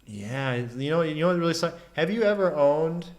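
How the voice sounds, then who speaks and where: A man co-hosting a reaction video, cracking deadpan crude quips. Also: a little high, normal speed. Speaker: co-host.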